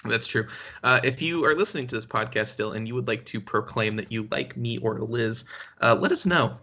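A man's voice: medium pitch, normal speed, pushed and bright. A man co-hosting a podcast in casual chat, rambling, self-deprecating and laughing often. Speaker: podcast co-host.

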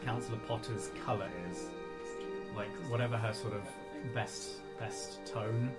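A man's voice: lowish voice, little pitch movement, a little slow, loud music behind the voice. Chatty man playing a tabletop game. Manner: chatty, rambling with fillers. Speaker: player. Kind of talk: casual tabletop role-play chat.

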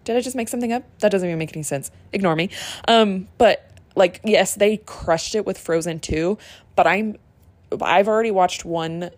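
A young woman hosting a casual solo podcast, gushing and excitable, often restarting her sentences. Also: medium pitch, moderate pace, dry recording. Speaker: podcast host.

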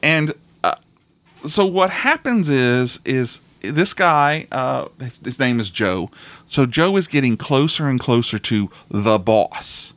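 A man's voice: medium pitch, expressive, takes it slowly, fairly bright tone, dry recording. A man hosting a casual podcast chat about movies, rambling with frequent restarts and laughter.

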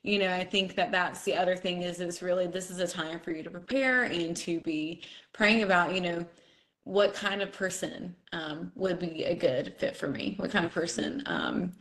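A woman's voice: on the low side, normal speed, a bit bright. A woman hosting a podcast, speaking in an earnest, encouraging way in casual chat. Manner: earnest, encouraging, talks with fillers like "you know". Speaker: podcast host.

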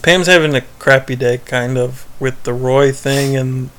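A man's voice: medium pitch, steady tone, unhurried, a bit bright. A man co-hosting a podcast, chatting casually as he recaps a TV episode, rambling, laughing and acting out quoted lines. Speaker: podcast co-host.

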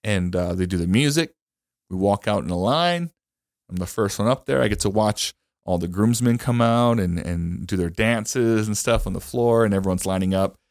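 A man's voice: fairly low pitch, moderate pace, no echo, studio quality. A young man as a podcast guest, telling a personal story in casual chat, rambling and emotional with many fillers and restarts.

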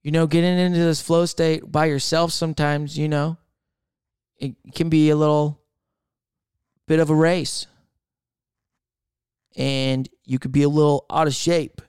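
Guy doing a solo podcast, kinda high voice, smooth and clear, rambly and swears a lot. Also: level tone, measured pace, pauses often, no echo, studio quality. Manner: rambling, swears freely, thinks out loud. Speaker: podcast host. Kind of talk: casual solo podcast chat.

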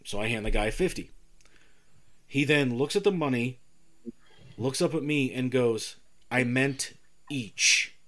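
A man's voice: medium pitch, measured pace, pauses often. A man co-hosting a podcast, telling a story in casual chat and acting out the people in it. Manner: animated storyteller, acts out quoted exchanges. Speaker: podcast co-host.

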